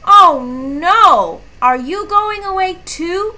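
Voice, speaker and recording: A woman's voice: high voice, big pitch swings, measured pace, bright, forceful tone, exaggerated voice. Woman doing Moosling, a curious little moose calf. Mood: questioning. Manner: wondering, childlike questions.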